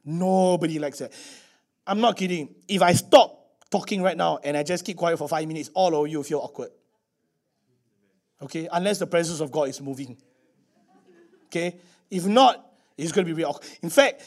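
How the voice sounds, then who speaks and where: A middle-aged man with a Singaporean English accent, preaching a chatty, lively sermon full of "okay?" asides. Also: sits high.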